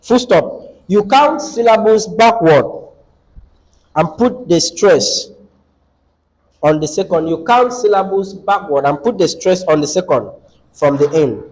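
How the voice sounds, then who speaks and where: A man with a Nigerian English accent teaches an English lesson in class, slowly dictating rules, repeating them and quizzing his students. His voice is high-pitched and animated with a darkish tone, and the audio is poor.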